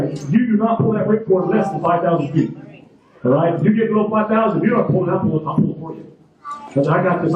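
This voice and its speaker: A man delivers a motivational graduation speech in a high, mellow voice, telling stories emphatically and repeating his points. He sounds far from the microphone. The sound rings through a large, very echoey ceremony hall. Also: muffled recording. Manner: storytelling, emphatic, repeats phrases.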